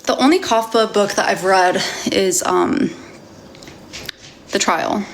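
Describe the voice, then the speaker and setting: A woman's voice: medium pitch, takes it slowly, slight background noise. A woman reading a novel aloud on a casual livestream, stumbling now and then and chatting with viewers.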